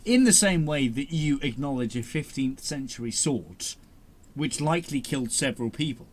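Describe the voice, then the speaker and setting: A man co-hosting a podcast, his voice sitting at an ordinary middle pitch. He rambles through animated stories, swearing freely in loose, casual chat. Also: moderate pace. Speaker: podcast co-host.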